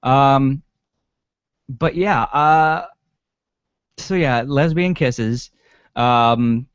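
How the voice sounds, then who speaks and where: A man co-hosts a casual podcast about a TV episode, rambling with plenty of ums and swearing. His mid-range voice is very slow and clean-toned, with no room sound, in a dry, dull lo-fi recording.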